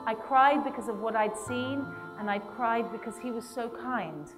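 A woman's voice: on the high side, moderate pace, big-room sound, music in the background. A woman giving a lecture and telling a personal story with vivid, emotional delivery and acted-out quotes. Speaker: public speaker.

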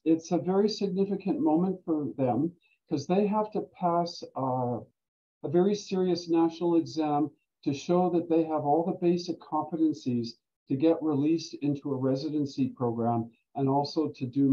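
An older man telling stories in casual talk as a guest speaker, animated and quick to laugh. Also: fairly high pitch. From Canada. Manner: animated storyteller who laughs often. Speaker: guest speaker, volunteer standardized patient. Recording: dull lo-fi recording.

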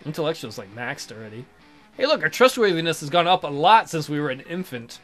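A young man hosting a let's play, reading game text aloud and adding sarcastic, profane commentary with sudden loud outbursts. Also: on the high side, sing-song, brisk, faint music behind.

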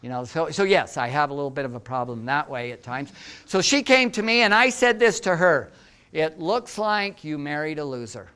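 A man in his sixties, an entrepreneur lecturing students with lively, self-deprecating stories and asides to the audience. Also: a little high, brisk, clean tone.

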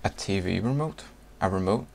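Young man, Northern Irish accent, slightly low voice, casual chatty vlog, reads words one by one. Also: lively intonation, moderate pace, gravelly, a little mellow, slight background noise. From Northern Ireland. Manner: chatty, laughs between lines, reads words aloud one by one. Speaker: vlogger. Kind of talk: casual accent-tag video.

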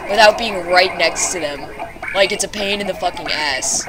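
Young female let's player, very animated pitch, cursing and squealing, noisy home mic. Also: very slow, pauses often. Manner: profane, shrieking in panic at enemies. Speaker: let's play gamer. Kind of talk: casual gameplay commentary.

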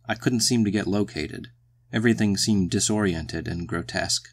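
A man reading a short story aloud in the first person, measured and brooding. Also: sits low. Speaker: audiobook narrator.

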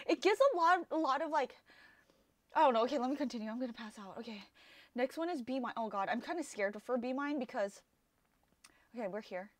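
Gushing, excitable woman reacting to music. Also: high voice, a little fast, no room sound. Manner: gushing, excitable, many exclamations and fillers. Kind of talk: casual first-listen reaction.

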